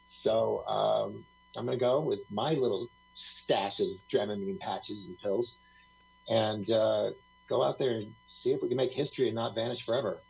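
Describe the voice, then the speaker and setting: There's a gravelly, low-set voice here, a man rambling through stories as a guest on a live stream. His tone is husky and breathy, and he laughs often and acts out other people's lines as he talks. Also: fairly even intonation, normal speed, a little mellow, low-quality recording. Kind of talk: casual storytelling on a live talk stream.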